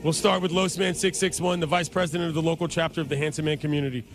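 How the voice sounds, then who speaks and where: Upbeat male sports radio host with a gravelly, high voice. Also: level tone, racing, soft background music. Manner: upbeat, joking.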